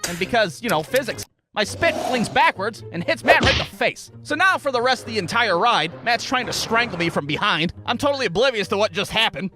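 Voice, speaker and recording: A man telling a comedic story in a fast, animated, sarcastic way. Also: high-pitched. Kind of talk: scripted comedic narration.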